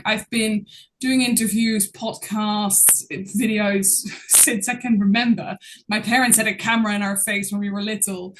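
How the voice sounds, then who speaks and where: A woman guest talking as a public speaking coach in a casual interview, expressive and laughing often as she speaks. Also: on the high side, slight background noise.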